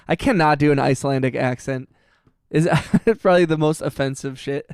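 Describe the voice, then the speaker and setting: A man's voice: mid-range voice, a little fast, a little mellow, clear, resonant tone, no echo, studio quality. A young man streaming live as he makes music, chatting casually and trading teasing, laughing banter. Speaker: livestreamer making music. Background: music from his production session with brass sounds.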